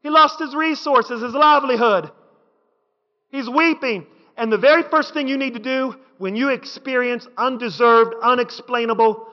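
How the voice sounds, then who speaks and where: A man with a very high voice preaches to a congregation, driving his points home with repeated phrases and climbing to shouts. His voice rings through a big church hall with a long tail of reverb. The sound is muffled and lo-fi. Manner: rhythmic preaching with repetition, building to shouts. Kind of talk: sermon. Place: church sanctuary.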